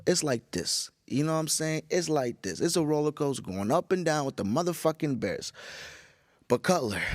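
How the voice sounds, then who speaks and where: A tired, groggy man hosting a casual solo podcast, rambling with profanity and animated storytelling. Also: mid-range voice, vocal fry, no echo, clean studio sound. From Chicago area. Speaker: podcast host.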